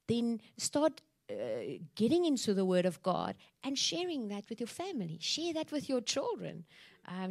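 A woman's voice: on the high side, vocal fry, darkish tone. A woman speaks on a church panel in an exhorting tone, stacking repeated phrases to drive home her point. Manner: exhorting, repetitive emphasis.

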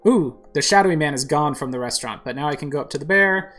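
A woman's voice: deep voice, fast, hardly any pauses, a bit bright, soft background music. A woman narrating a video game playthrough in a casual way, describing the screen with fillers. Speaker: game streamer. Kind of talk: casual let's-play narration.

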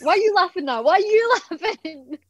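A woman's voice: very high-pitched, lively intonation, brisk, lo-fi sound. A woman guest on a podcast in casual chat, who laughs easily and teases back.

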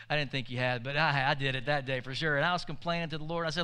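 Man, pastor, conversational sermon, call-and-response, bright tone, hall echo. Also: fairly high pitch, fairly even intonation, fast, smooth. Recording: echoey hall.

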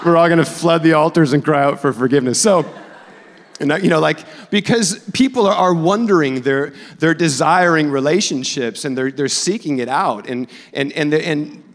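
A man's voice: a little high, moderate pace. A man in his forties, a pastor giving a conversational sermon in a church, joking and self-deprecating as he talks. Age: 40s. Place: church sanctuary. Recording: long reverb of a church hall.

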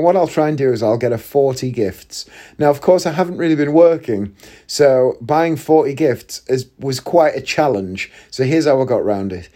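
A man in his forties telling funny personal stories in a casual, chatty way, breaking into loud laughter often. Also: mid-range voice. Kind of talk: casual storytelling monologue.

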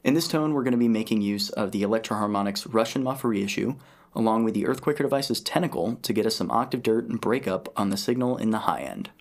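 A man's voice: lowish voice, fast, vocal fry, slight background noise. Joking, rambling male host. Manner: joking, rambling, self-deprecating. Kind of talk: casual chat.

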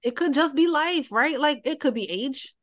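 A woman in her late thirties with a Philadelphia accent, co-hosting a casual podcast and telling stories in an animated way, often laughing. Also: sits high, moderate pace. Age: 30s. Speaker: podcast co-host. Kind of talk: casual chat.

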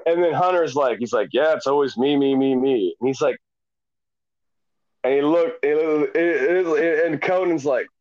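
A man's voice: fairly high pitch, measured pace, a little mellow, no room sound. A man co-hosting a podcast, telling stories in casual, profane chat with frequent laughter. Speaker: podcast co-host. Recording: dull lo-fi dry sound.

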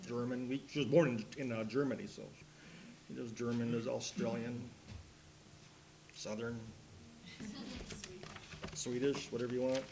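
A man's voice: medium pitch, level tone, measured pace, creaky, long pauses, noisy background. A man leading a Bible study group in a small room, chatting in a folksy, storytelling way before he reads scripture. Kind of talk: casual Bible study talk.

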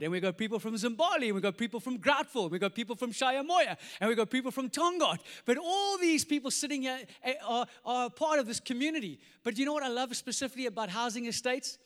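Man, pastor, lively comic sermon, very high voice, big reverberant hall. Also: fast, few pauses. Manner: energetic, jokey, acts out voices. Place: large church hall.

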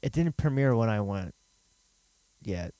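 Relaxed rambling man hosting a chat. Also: lowish voice, unhurried, dry recording. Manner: relaxed, rambling, many fillers. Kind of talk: casual chat.

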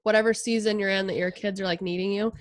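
A woman's voice: medium pitch, steady tone, no echo. Young woman co-host, dry close sound, supportive and casual. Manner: supportive, quick agreement, warm asides. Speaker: podcast co-host. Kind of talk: casual chat.

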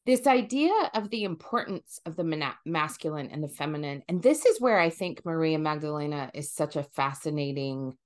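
A woman hosting a casual podcast, her voice sitting a little low. She speaks with animation, restarting phrases and using fillers as she works through her thoughts. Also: lively intonation, normal speed, hardly any pauses. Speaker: podcast host.

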